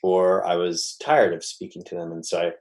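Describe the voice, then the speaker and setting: Deep-voiced man giving a relaxed lecture. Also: moderate pace. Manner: conversational, many fillers and restarts. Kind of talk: recorded academic talk.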